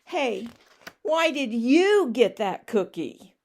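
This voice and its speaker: A woman voicing a pushy, whiny male pigeon who keeps demanding things, in a loud, insistent, complaining way. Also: a little high, very animated, slow, heavily acted. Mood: indignant.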